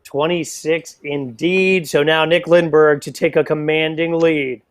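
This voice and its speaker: Male darts play-by-play caller, slightly raised pitch, excitable, jokey, self-deprecating. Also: measured pace. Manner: excitable, playful, self-mocking asides. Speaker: darts commentator. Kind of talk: live sports play-by-play commentary.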